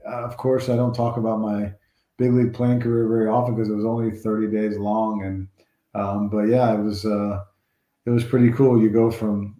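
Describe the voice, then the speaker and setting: Deep-toned man telling baseball stories. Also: moderate pace, echoey room. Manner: rambling, animated anecdotes with restarts. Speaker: former baseball player, guest. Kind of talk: storytelling interview.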